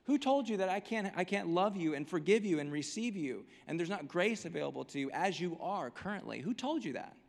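A man's voice: high-pitched, lively intonation, a little fast, gravelly, hardly any pauses, in a large hall, pitched above the performer's own voice. A man preacher voicing an angry God who fires impassioned questions at a hiding man. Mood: indignant.

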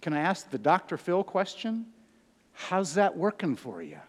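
A pastor in his sixties preaching a sermon, swinging from loud emphatic peaks down to hushed low phrases. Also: wildly swooping pitch, measured pace. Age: 60s. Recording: hall reverb.

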